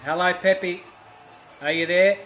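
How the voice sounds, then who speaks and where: A man commentating a sim racing stream, getting loud and excited at the action. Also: high voice, slow, highs cut off. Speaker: esports race commentator. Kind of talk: live stream race commentary. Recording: roomy with faint noise.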